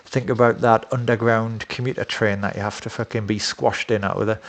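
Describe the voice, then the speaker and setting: A man's voice: lowish voice, level tone, brisk. A man talking in a casual, rambling monologue, blunt and profane with many fillers. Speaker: dating coach.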